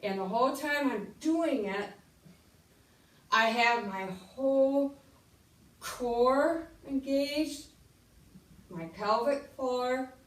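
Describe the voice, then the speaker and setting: A middle-aged woman demonstrating an exercise, talking slowly, slightly out of breath as she moves. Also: sits high, far from the mic. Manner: slow, instructive, counting out moves. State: getting winded. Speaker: fitness instructor. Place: room while exercising. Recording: echoey room, away from the mic.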